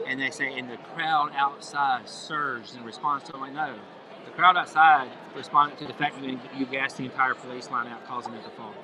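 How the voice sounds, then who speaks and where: A man's voice: medium pitch, steady tone, normal speed, a crowd in the background, rough recording. A man as a guest on a live stream, explaining his point in an insistent, argumentative way. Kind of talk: interview.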